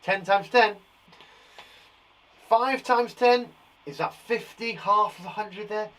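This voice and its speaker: A male teacher talks young children through their times tables in a live lesson. His voice is on the higher side, and he keeps reassuring them as he counts along. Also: slow pace, fairly bright tone, rough recording. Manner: encouraging, chatty and reassuring. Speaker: primary school teacher.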